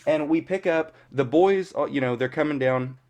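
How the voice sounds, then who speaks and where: His voice is on the high side with a darkish tone, and he moves at a moderate pace. This thirtysomething fan reviewer gives a rambling, casual recap of a TV episode, full of "you know" and the odd curse.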